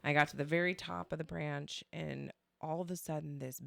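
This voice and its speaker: Woman podcast cohost, deep-ish and croaky, lively storytelling, acts out what ppl said. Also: moderate pace, no echo. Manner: animated, quotes others, swears and laughs. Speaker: podcast co-host. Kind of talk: casual storytelling chat.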